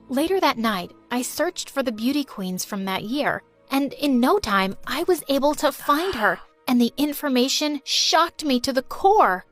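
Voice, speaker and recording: A woman tells an animated first-person story, lively and emotional as she voices a teenage girl. Her voice is fairly high, with faint music underneath, and she keeps a measured pace with hardly any pauses.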